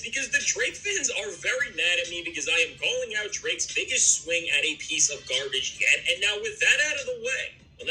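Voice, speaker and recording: A man delivers a scripted commentary in a mocking, emphatic tone. His voice is very bright and sits fairly high, and his pitch swings widely. Faint music plays underneath. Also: poor audio. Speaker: commentary video narrator.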